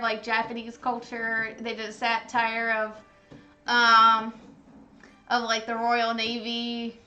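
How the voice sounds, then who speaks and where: A woman's voice: a little high, sharp tone, highs cut off. A woman hosting a livestream, chatting casually while eating, gushing and talkative with many "like"s. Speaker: livestream host.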